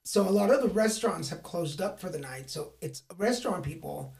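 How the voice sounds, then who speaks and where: A man from California, a podcast guest, telling a story in a lively, self-mocking way and acting out other voices. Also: high voice, brisk, vocal fry. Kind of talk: casual storytelling. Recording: echoey room.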